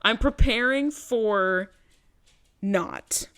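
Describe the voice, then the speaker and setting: A young adult woman co-hosting a podcast in casual chat. She is animated and self-mocking, and swears casually. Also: on the high side, drawn-out words, clear, resonant tone. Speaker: podcast co-host.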